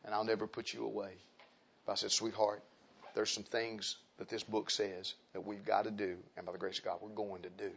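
A middle-aged man, preaching a sermon in church, dropping to quiet testimony and rising to loud, high exhortation. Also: little pitch movement, brisk, creaky, slight background noise. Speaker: pastor. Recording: dull lo-fi sound.

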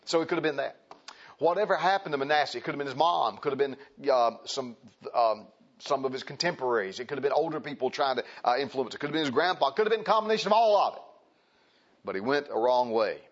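Man preaching, repeating phrases. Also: mid-range voice. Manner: conversational, repeats phrases for emphasis. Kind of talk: sermon with scripture reading. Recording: slightly muffled recording.

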